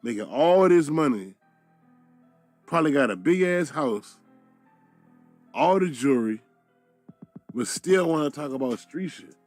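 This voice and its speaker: A man's voice: on the high side, expressive, measured pace, long pauses, a little mellow, no room sound. Blunt, mocking man speaking over faint music. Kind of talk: blunt commentary clip.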